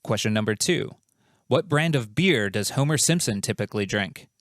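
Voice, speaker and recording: A man's voice: lowish voice, expressive, moderate pace, no echo, clean studio sound. A man hosting a comedic quiz show, reading out questions and answers in a playful, jokey, self-mocking way.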